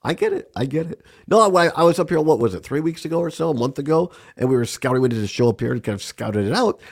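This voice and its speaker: A man hosting a radio talk show, hoarse and gravelly from a cold, chatty and rambling with frequent chuckles, in a small studio. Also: fairly high pitch, lively intonation, fast talker.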